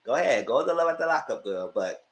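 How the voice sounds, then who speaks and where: A man recapping a TV episode in a casual review, chatty and animated, dropping sassy asides and laughing often. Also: medium pitch, quick pace. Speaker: TV recap YouTuber.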